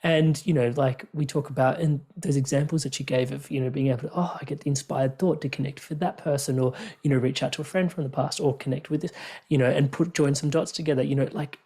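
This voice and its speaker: A man's voice: medium pitch, steady tone, quick pace, warm tone, husky. A man hosting a podcast interview over a remote call, reflective and affirming. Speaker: podcast host. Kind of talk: conversational interview. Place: Melbourne.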